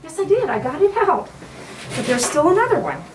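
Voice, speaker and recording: A woman's voice: very high voice, very animated, a little fast. A woman dog groomer who coaxes and scolds a dog while she trims it, then explains her steps. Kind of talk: grooming tutorial, talking to the dog. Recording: roomy sound, mic at a distance, clipper noise. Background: electric clippers buzzing.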